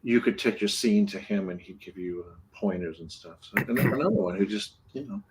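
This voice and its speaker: A man's voice: lowish voice, a little fast, background noise. A man, a former animator, talking casually in an interview and rambling with restarts. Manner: rambling, many restarts and fillers.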